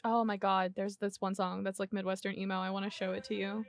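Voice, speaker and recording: A woman's voice: medium pitch, level tone, fast, gravelly, over music. A young woman co-hosting a college radio show, chatting casually and gushing with self-mocking humor. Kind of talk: casual chat. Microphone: studio mic.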